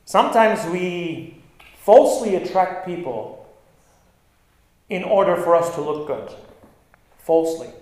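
A male pastor preaching an animated sermon, stressing lines and acting out quoted words. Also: sits high, a little slow, long pauses. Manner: animated, acts out quotes with bursts of emphasis. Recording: very echoey room.

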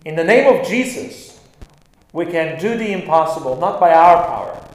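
A male pastor preaching an animated sermon, stressing lines and acting out quoted words. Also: a little high, moderate pace. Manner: animated, acts out quotes with bursts of emphasis. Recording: very echoey room.

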